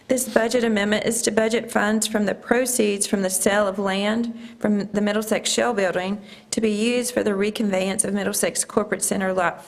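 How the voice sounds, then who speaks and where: A hoarse woman reads out budget items one by one. She is a county finance director at a public meeting. Her delivery is steady and businesslike despite her failing voice. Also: medium pitch. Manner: steady, businesslike item-by-item reading. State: losing her voice.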